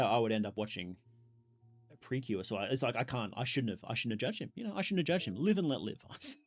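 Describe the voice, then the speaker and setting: A man streaming a video game, chatting casually with his chat, reacting loudly with exclamations and laughs. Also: mid-range voice, dry recording. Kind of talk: casual live game commentary.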